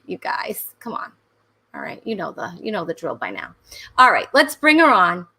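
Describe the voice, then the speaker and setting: Bright-voiced chatty woman host. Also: on the low side, wildly swooping pitch, normal speed, vocal fry, husky. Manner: chatty, rambling with many fillers and laughs. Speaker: comedy talk show host. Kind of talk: casual livestream chat.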